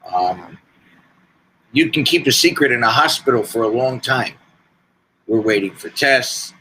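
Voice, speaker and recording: A man in his sixties telling his life story as a podcast guest, slow and deliberate with pauses. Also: medium pitch, lively intonation, sharp tone, slight background noise, poor audio. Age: 60s. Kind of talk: personal storytelling.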